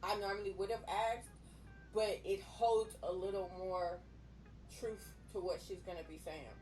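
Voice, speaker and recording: A woman's voice: mid-range voice, steady tone, unhurried, darkish tone, recorded from a distance, soft background music, rough recording. Frank laughing woman podcast host. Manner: frank, laughing, swears freely. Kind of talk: casual interview chat.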